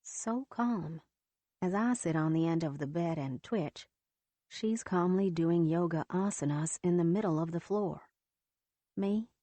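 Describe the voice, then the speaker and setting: Mellow low-voiced woman narrator. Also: measured pace, no echo. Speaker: audiobook narrator. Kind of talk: first-person romance audiobook narration.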